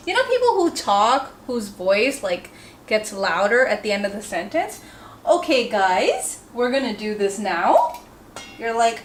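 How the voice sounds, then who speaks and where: Young woman, Indian accent, high voice, casual kitchen chatter, self-deprecating, light background noise. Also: very animated, unhurried. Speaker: home cook vlogger. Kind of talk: casual cooking vlog. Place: home kitchen.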